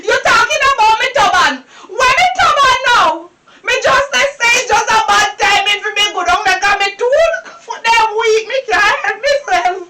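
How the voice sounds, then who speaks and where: A woman's voice: extremely high pitch, normal speed, pushed and bright, a little hiss or hum. A woman playing a wailing, robbed Jamaican older woman. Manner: wailing, sobbing complaints. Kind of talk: low-budget drama acting. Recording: roomy, distant mic.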